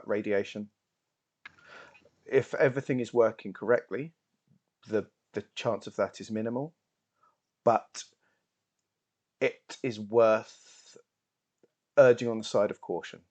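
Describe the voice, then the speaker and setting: Man doing a calm formal starship officer. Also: mid-range voice, natural voice. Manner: measured, formal.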